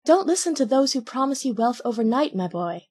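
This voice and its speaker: A woman voicing the ghost of a little cricket, faint and otherworldly, giving gentle warnings. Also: a little high, big pitch swings, fairly quick, voice pushed up. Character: ghost of a tiny wise cricket.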